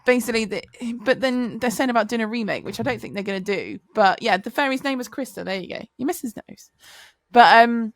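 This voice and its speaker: A woman's voice: fairly high pitch, a little fast, few pauses, dry recording, clean studio sound. A woman co-hosting a podcast in chatty, teasing banter and laughing often. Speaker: podcast co-host.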